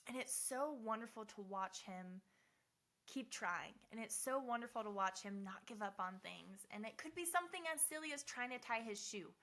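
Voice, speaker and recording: Bright-voiced earnest young woman speaker. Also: on the high side, animated, moderate pace. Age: 20s. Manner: earnest, heartfelt, repeats phrases for emphasis. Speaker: motivational speaker. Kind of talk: personal motivational talk.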